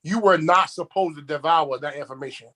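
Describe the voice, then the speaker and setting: A man's voice: on the high side, a little fast, bright, forceful tone, rough recording. A man in casual talk, telling streetwise stories and repeating words as he starts his sentences. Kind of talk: casual chat.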